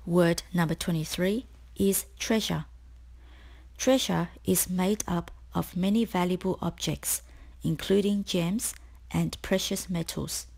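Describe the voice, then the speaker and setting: A woman tutor reading a scripted spelling lesson, explaining each word slowly and clearly. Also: fairly low pitch, fairly even intonation, darkish tone. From Australia. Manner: slow, clear, deliberate explanations.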